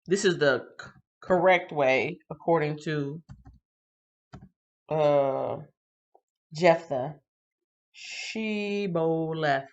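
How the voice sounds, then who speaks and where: A woman hosting a casual livestream Bible reading, chatty and lively, laughing and greeting viewers by name. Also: deep voice, takes it slowly, long pauses, dull audio.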